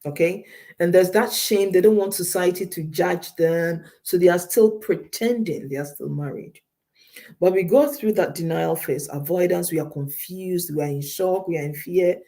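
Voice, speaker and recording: A woman's voice: lowish voice, moderate pace, mellow. A woman counselor giving emphatic, direct advice to listeners on a radio show, often repeating her key points.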